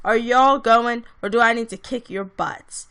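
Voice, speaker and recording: A woman's voice: fairly high pitch, lively intonation, moderate pace, pushed and bright. A woman voicing a tough, sarcastic teenage girl fighter with a put-on country accent. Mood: eager. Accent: Southern US, put on.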